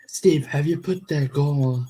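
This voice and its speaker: A man joining a football fan stream, chiming in casually with quick suggestions. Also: fairly high pitch, dark tone, slightly rough, rough recording. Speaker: fellow streamer. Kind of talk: casual chat.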